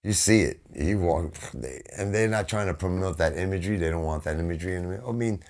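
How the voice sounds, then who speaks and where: Gravelly New York man telling stories. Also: sits low, fairly quick, a little mellow. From United States. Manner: rambling, profane storytelling with frequent "bro" and "man". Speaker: podcast guest, band vocalist. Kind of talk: casual chat.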